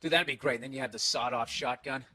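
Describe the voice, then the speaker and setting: A man's voice: medium pitch, quick pace, bright, forceful tone, no echo. A man ranting sarcastically and profanely on a casual comedy podcast, recorded on a single microphone in a hotel room. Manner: profane, sarcastic, acts out quoted voices. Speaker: podcast host. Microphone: single microphone, no headphones.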